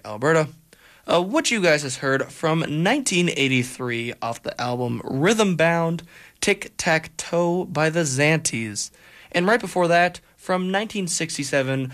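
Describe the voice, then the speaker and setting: A man's voice: on the high side, fairly bright tone. A man hosting a comedic radio show, talking in a hesitant, rambling, flustered way. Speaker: radio host.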